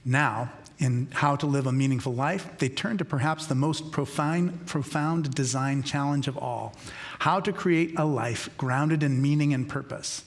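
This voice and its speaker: A man hosting a cathedral forum, reading a formal introduction and then asking relaxed, filler-laden questions. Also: mid-range voice, a little slow. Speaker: cathedral dean and forum host. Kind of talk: scripted introduction, then conversational interview.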